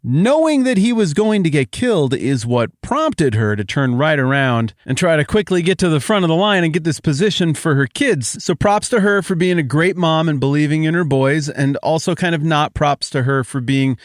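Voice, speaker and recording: Joking, animated male Bible podcaster. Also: fairly high pitch, moderate pace, hardly any pauses, no echo, clean studio sound. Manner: animated, joking, swings from excited to quiet. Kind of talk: casual Bible teaching.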